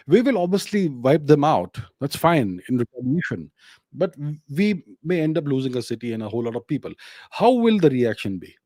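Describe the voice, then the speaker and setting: Emphatic Indian man, lively pitch. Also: dry recording, clean studio sound. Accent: Indian English. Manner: emphatic, fires rhetorical questions at the listener. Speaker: host answering viewer questions. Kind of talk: solo commentary talk.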